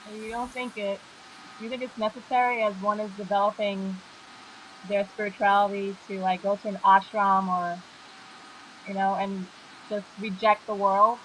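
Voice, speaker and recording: A woman's voice: medium pitch, level tone, moderate pace, a bit bright, a little hiss or hum, rough recording. A woman interviewer asking tentative, searching questions.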